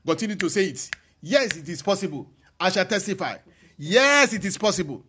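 A man preaching a sermon, repeating his phrases and stressing them slowly. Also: sits high, lively intonation, pushed and bright, a little hiss or hum.

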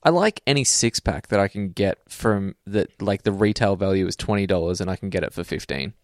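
An Australian man co-hosting a podcast, relaxed and hesitant, with a dry wit. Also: low voice, brisk, no room sound. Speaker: podcast co-host. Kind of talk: casual chat.

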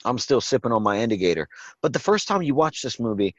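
A man's voice: medium pitch, very animated, fast, no room sound, highs cut off. A man hosting a podcast, reviewing a movie in casual, profane, rambling chat. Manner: profane, rambling, acts out quotes. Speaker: podcast host.

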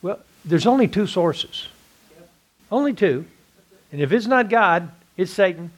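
Texan male Bible teacher, higher register, rhetorical lecturing style. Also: lively intonation, a little slow. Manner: asks rhetorical questions and answers them. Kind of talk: classroom Bible lesson.

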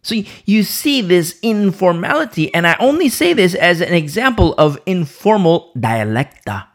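Guy preaching a bible study, sore throat, voice jumps all over, kinda high. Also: moderate pace. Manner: animated, repeats words and restarts often. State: sore throat, pausing to sip coffee. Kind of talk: informal Bible teaching.

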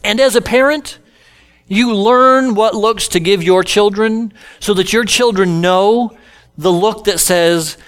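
A male pastor preaching a sermon at a slow, deliberate pace, with a voice that sits a bit higher than most men's. He tells scripture stories and acts out the characters in casual everyday speech. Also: fairly bright tone, smooth.

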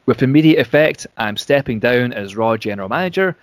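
A man's voice: mid-range voice, animated, fairly quick, no echo, natural voice. A man reading out a wrestling executive's formal statement in a plain, announcement-like way.

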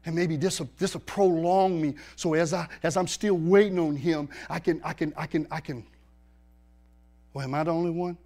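Emphatic preaching man, slightly high voice. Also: fairly even intonation, normal speed, a little mellow. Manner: emphatic preaching, rhetorical questions to the congregation. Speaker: pastor. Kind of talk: sermon.

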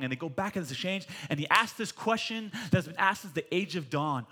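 A man in his forties preaching a sermon in church, animated and jokey, rising to loud emphatic peaks. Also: sits high, quick pace, hardly any pauses. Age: 40s. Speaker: pastor.

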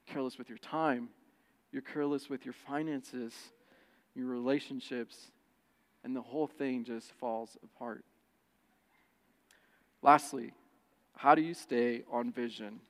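A man preaching a sermon who tells personal stories in an animated way and acts out the quoted voices. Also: mid-range voice, measured pace, long pauses. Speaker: pastor. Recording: long church reverb.

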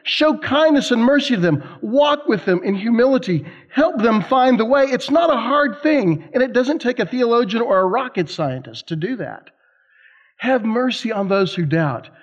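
A man preaching a sermon to college students, telling stories in an animated, emphatic way with conversational asides. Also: very high voice, moderate pace. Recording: slightly dull lo-fi sound.

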